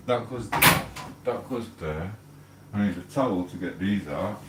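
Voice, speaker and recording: Deep-voiced English man chatting while cooking. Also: animated, measured pace, loud music behind the voice. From England. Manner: rambling, swears casually. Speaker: livestreamer. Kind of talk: casual live-stream chat while cooking. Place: home kitchen. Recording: echoey room, mic at a distance, faint hum.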